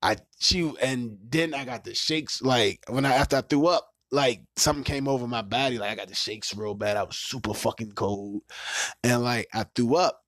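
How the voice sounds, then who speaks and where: A man's voice: medium pitch, moderate pace, fairly bright tone, no echo, clean studio sound. A man hosting a podcast, telling a crude dating story in casual, profane chat, laughing and mimicking other people. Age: adult with a child. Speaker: podcast host.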